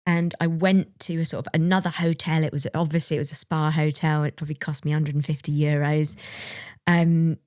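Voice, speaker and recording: A woman's voice: low-pitched, level tone, a little fast, darkish tone, dry recording, studio quality. A young adult woman co-hosting a podcast, candidly and reflectively telling a personal story and laughing now and then. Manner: open, reflective, laughs while recalling. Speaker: podcast co-host.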